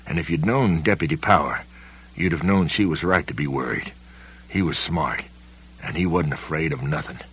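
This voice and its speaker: A man with an extremely deep, husky voice tells a horror story in the first person, unhurried and folksy, with plain country grammar. The recording is muffled and a bit lo-fi. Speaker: audiobook narrator.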